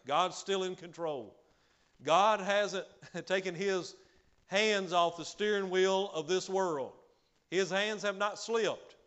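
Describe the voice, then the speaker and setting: A man preaching a sermon, emphatic, swinging between loud declarations and quiet asides, often adding "hallelujah.". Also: high-pitched, takes it slowly, smooth. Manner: peppers speech with hallelujah.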